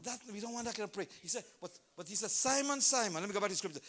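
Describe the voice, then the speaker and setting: A man preaching a sermon at a church service, telling a story with lively acted-out scenes. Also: high-pitched, racing, hardly any pauses. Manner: animated storytelling, acts out scenes.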